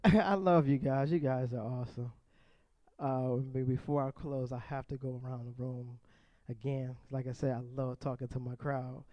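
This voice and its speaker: A man's voice: mid-range voice, steady tone, moderate pace, dry recording, muffled recording. A man doing stand-up comedy and playful crowd work for a seniors group, chatting with the audience and laughing often.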